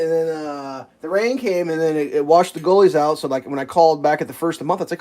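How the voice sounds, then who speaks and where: A live streamer telling an exasperated, profane story, ranting in an animated way, at home. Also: mid-range voice, quick pace, hardly any pauses.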